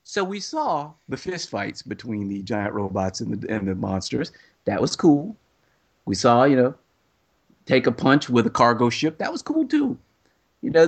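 A man's voice: mid-range voice, fairly bright tone. A man ranting in a casual chat, acting out scenes in quoted voices.

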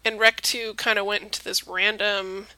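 A woman's voice: mid-range voice, flat delivery, normal speed, pushed and bright, clean tone, dry recording. A woman in her twenties from Texas co-hosting a casual podcast, chatty and a bit tipsy, often trailing off mid-thought. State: a little tipsy. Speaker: podcast co-host. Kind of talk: casual chat.

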